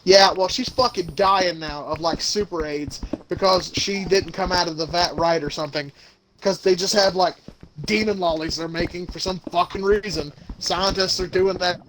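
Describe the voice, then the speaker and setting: A young man co-hosting a podcast, ranting and swearing in an animated casual chat. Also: high-pitched, moderate pace, slight background noise, low-quality recording. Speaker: podcast co-host.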